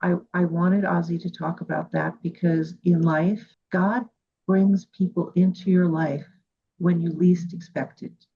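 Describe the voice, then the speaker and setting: A woman's voice: lowish voice, steady tone, a little slow, husky. A woman from Cuba hosting a radio interview, telling heartfelt stories in a casual, earnest way. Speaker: radio show host. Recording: dull lo-fi recording.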